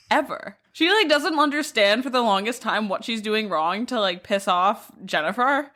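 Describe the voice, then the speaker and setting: A woman's voice: a little high, expressive, normal speed, pushed and bright. A woman chatting casually as a podcast guest, playful and drawn out. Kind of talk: casual chat.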